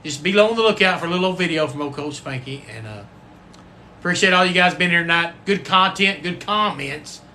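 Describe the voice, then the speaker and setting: A man's voice: on the high side, a little fast, pushed and bright, slight background noise. A man hosting a casual livestream, folksy and rambling, with the odd cuss word. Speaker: livestream host and football coach.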